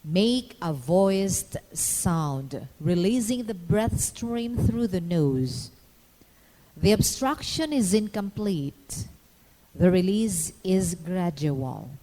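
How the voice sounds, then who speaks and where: A woman narrating a scripted phonetics lesson in a measured, instructional way, pausing to demonstrate each sound. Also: fairly low pitch, animated, mellow, big-room sound, low-quality recording. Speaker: phonetics teacher.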